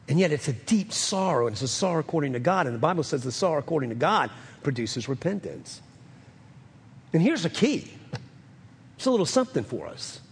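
A man preaches from the pulpit with a husky, fairly high voice that swings widely as he acts out the scripture's lines. The sound carries a long reverb from a church hall. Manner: animated, acts out scripture dialogue. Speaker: pastor. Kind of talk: sermon.

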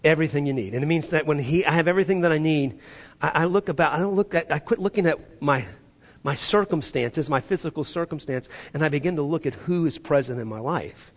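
In a church sanctuary with long hall reverb, a male pastor preaches a sermon and leads his congregation in call-and-response. His fairly high voice moves fast, swinging between loud, emphatic passages and hushed, soft moments.

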